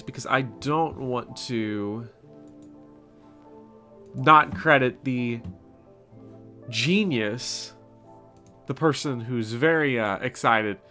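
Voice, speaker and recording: Rambling Southern man with a bright voice. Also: medium pitch, takes it slowly, pauses often, soft background music. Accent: Kentucky Southern, softened. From Kentucky. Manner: rambling, self-mocking, blunt. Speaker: channel host. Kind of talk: casual Q&A chat.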